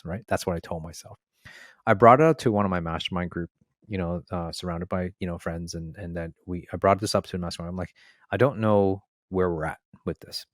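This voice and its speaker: Low-voiced man, earnest podcast talk. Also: steady tone, a little fast, dry recording, clean studio sound. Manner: reflective, earnest storytelling. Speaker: podcast co-host. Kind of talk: conversational podcast chat.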